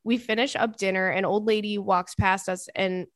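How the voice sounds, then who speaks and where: A woman podcast host reading a listener's email aloud in casual chat, expressive and dramatic with exasperated asides. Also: mid-range voice, moderate pace, no room sound, clean studio sound.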